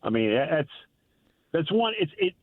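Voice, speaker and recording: A man chats about college football on a tinny phone line. His voice rides a lively, rather high pitch, and he stumbles and repeats himself as he pushes his points. It sounds plain and dry, with no room behind it. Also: a little slow, no room sound. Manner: animated, emphatic, folksy, stumbles and repeats words. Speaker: college football reporter, guest. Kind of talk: casual sports radio chat. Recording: phone-line call-in audio.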